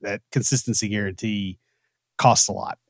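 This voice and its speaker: A podcast co-host from the American South, with a Southern US accent, talks through a casual technical discussion with dry joking asides. His voice is lowish and steady at a moderate pace, with no echo.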